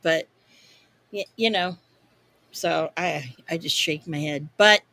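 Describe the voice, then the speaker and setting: A woman co-hosting a wrestling podcast, chatting casually with lots of swearing and rambling, animated stories. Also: low-pitched, slow. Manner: profane, rambling, animated storytelling. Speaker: podcast co-host.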